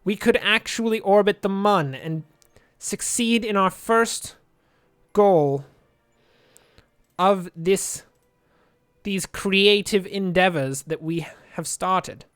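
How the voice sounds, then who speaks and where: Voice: mid-range voice, slow, fairly bright tone, clear, resonant tone, no echo, clean studio sound. A let's play gamer giving chatty game commentary, thinking aloud and drifting into jokey tangents.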